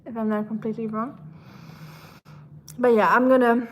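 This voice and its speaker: A woman's voice: fairly high pitch, level tone, moderate pace, slight background noise, poor audio. A woman from Germany with a German accent, chatting casually with viewers on a livestream while doing chores. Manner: chatty, reading chat aloud, self-deprecating.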